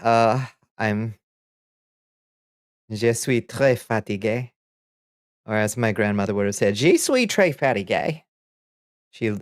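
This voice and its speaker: A relaxed man streaming live, talking loosely with his chat and laughing easily between remarks. His voice sits on the low side, recorded close and dry with almost no room sound. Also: smooth, dry recording. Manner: laid-back, chuckles often, greets chat by name. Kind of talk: casual livestream chat.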